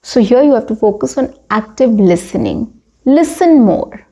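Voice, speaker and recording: Indian woman, English tutor, slightly high mellow voice, coaching tone with list-like delivery. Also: animated, normal speed. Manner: coaching, repeats "right?" and lists. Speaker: English teacher. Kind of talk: spoken English lesson.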